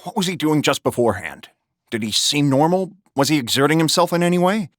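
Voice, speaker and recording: A woman voicing a brisk, urgent male doctor in an audiobook, with a clipped, lowered voice. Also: animated. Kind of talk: audiobook character voice.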